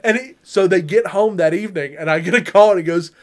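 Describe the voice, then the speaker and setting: A middle-aged man telling stories in a casual chat, animated, laughing often and acting out what people said. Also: high voice, fast. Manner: animated, laughs often, acts out quotes loudly. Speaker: podcast co-host.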